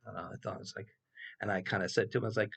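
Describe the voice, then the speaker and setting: A man's voice: lowish voice, very fast, gravelly, breathy edge. A man in his sixties, a professor, telling a rambling personal story in a loose, casual way and swearing freely. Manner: animated, acts out quoted voices, swears freely; loose and rambling with many fillers.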